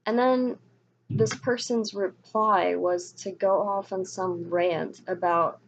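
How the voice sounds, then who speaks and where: Rambling, frustrated young woman vlogger, gravelly. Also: mid-range voice, steady tone, slow pace. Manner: frustrated, rambling, with many restarts. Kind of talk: casual ranting monologue. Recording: dull lo-fi sound with faint noise.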